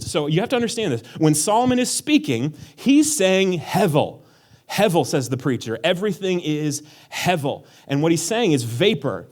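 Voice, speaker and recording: A man giving a casual sermon as pastor, joking and sarcastic, talking conversationally with many fillers. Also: on the high side. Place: church hall.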